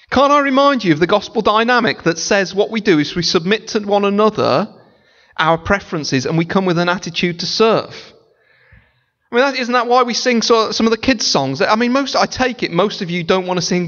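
A high-voiced man preaching with a lively, swooping delivery. He keeps it playful and chatty, slipping into mimicry of others. The recording is muffled and lo-fi, with the long echo of a large church hall. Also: normal speed. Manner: animated, playful, breaks into sung snippets and mimicry. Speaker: pastor. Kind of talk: sermon. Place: church sanctuary. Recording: dull lo-fi sound in a large reverberant church hall.

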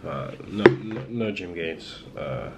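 Young lad vlogging at home, kinda low voice, rambly and jokey, noisy hiss behind. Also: male voice, animated, takes it slowly. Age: young adult. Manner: rambling, self-mocking, lots of fillers and restarts. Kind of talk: casual rambling vlog chat. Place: at home indoors.

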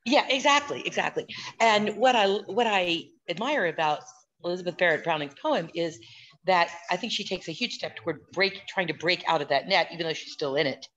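A woman who teaches political science, speaking on a video call in a thoughtful, halting way with many fillers and restarts. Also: on the low side, animated, fairly bright tone, dull audio. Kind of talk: casual discussion.

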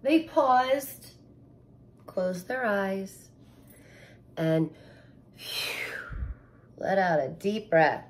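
A woman's voice: medium pitch, animated, extremely slow, long pauses. A woman teacher reading a picture book aloud to children, adding sound effects and asking them questions.

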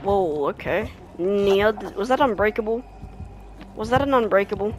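A young adult gaming creator giving live, reactive commentary over gameplay, with quick exclamations and frequent laughs. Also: mid-range voice, a little hiss or hum. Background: background music.

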